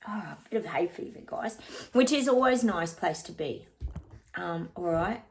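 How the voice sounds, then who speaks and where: A woman's voice: on the low side, animated, normal speed, creaky, slight background noise. Chatty woman doing a psychic reading. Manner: chatty, keeps addressing viewers as guys; breaks into short bits of song and laughs often. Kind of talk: casual psychic reading to camera.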